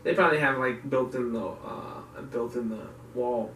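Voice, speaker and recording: A man co-hosting a casual podcast, talking in a rambling, halting way with lots of restarts and fillers. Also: medium pitch, bright, forceful tone, recorded from a distance. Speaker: podcast co-host. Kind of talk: casual chat. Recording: echoey room, off-mic, faint background noise.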